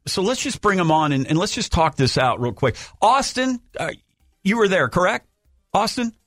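A man's voice: sits high, very animated, moderate pace, a bit bright, no room sound, faint music behind. A man hosting a radio show, interjecting often and soothing his callers. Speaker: radio host. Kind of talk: morning radio banter. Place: radio studio. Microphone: studio mic.

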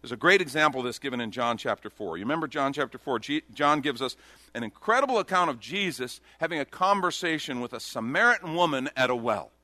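A man preaching a sermon, his voice lively and swinging through a wide range of pitch. His tone is bright and forward, and he acts out the Bible figures as he tells the story. The sound is dry and close, with no room echo. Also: fast. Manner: animated storytelling, voicing Bible characters in quotes. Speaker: pastor.

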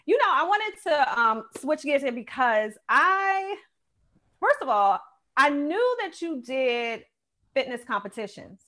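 A woman hosting a casual chat, expressive and quick to laugh along. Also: sits high. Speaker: host.

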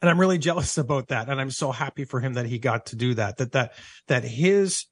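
A man's voice: medium pitch, animated, a little fast, breathy edge, dry recording. A man talking in an office as a sports broadcaster, reflecting in a thoughtful, earnest way and repeating himself for emphasis.

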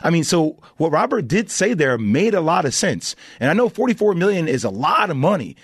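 A man chats about basketball as a guest in a radio studio, his voice slightly high for a man and swinging widely as he presses his points. The close studio mic sounds dry, with no room around it. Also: brisk, breathy edge, dry recording. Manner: animated, emphatic, talks over others. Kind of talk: casual sports radio chat.

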